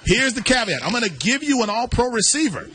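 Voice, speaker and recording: A man's voice: extremely high pitch, very animated, brisk, fairly bright tone. A man hosting a sports talk show, running a playful trade game with his co-host. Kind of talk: radio sports chat game segment.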